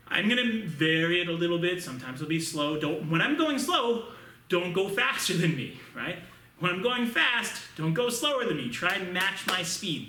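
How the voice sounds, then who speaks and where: A martial arts instructor teaching an online class for children, calling out each move and cheering the students on. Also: male voice, on the high side, pushed and bright, a little hiss or hum. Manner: upbeat, coaching, calls out moves. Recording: echoey room, distant mic.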